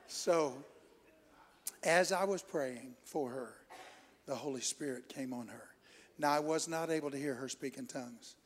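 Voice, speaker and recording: A man preaching a fervent Pentecostal sermon, moving from storytelling into loud exclamations and speaking in tongues. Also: mid-range voice, measured pace, pauses often. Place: church hall. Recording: long reverb in a hall.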